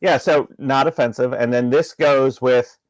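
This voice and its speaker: A man's voice: medium pitch, steady tone, unhurried, no echo, low-quality recording. A man co-hosting a casual podcast, rambling through stories with lots of fillers. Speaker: podcast co-host.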